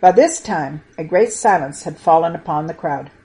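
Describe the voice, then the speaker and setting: A woman's voice: low voice, animated, normal speed, warm tone. Woman reading a Bible story to children.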